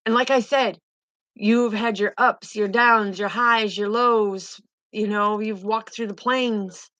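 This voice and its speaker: A woman's voice: mid-range voice, fairly even intonation, takes it slowly, a bit bright, no room sound, rough recording. A woman giving a spiritual tarot reading in a fervent, emotive way, often repeating herself. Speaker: tarot reader.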